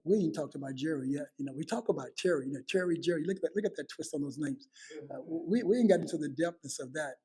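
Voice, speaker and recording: A man's voice: fairly high pitch, fast, dark tone, breathy edge. A man in his fifties hosting a heartfelt family conversation, earnest, often repeating words as he starts a thought. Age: 50s. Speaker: host.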